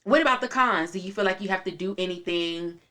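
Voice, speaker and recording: A woman hosting a podcast, chatting casually, supportive and asking questions in a relaxed way. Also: on the low side, quick pace. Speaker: podcast host. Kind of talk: casual chat.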